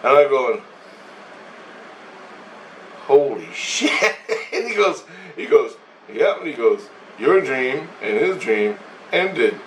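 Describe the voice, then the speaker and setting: A man's voice: medium pitch, big pitch swings, a little slow, a little hiss or hum. A man casually recounting a dream in a rambling way, often laughing and repeating "he goes" as he retells a conversation. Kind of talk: casual spoken storytelling. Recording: roomy sound, speaker away from the mic, faint ambience.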